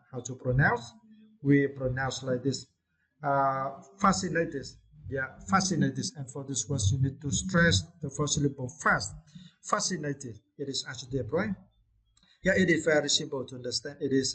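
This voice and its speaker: A man whose first language is Vietnamese teaching English vocabulary, pausing often with "uh" and checking with "right?". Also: mid-range voice, a bit bright, rough recording. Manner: hesitant, many "uh"s and "right?" checks. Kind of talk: vocabulary lesson.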